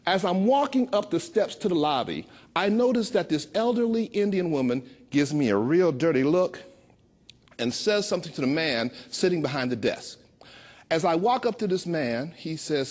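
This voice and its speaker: A man in his sixties from Chicago, telling a personal story with a playful, expressive delivery that slows down for emphasis. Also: high voice. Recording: dull lo-fi recording.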